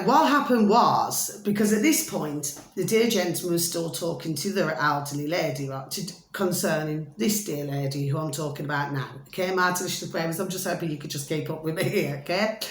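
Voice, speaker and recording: A woman telling a long story to her viewers in a chatty, repetitive way, constantly checking that they follow along. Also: on the low side. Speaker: vlogger. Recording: roomy echo, faint ambience.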